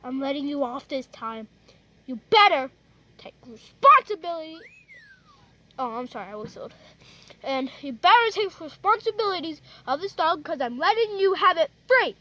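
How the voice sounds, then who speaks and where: A woman voicing a bossy pet store clerk in toy pretend play, lecturing in a high, lively voice. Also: moderate pace, muffled recording. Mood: stern. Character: stern pet store clerk handing over a dog.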